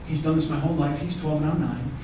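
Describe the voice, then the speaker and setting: A comedian with a slightly high male voice and fairly even intonation rattles off a story fast in his one-man stage show. He swears, keeps it conversational, and banters with the live audience. The distant mic gives a roomy theatre echo, with background noise.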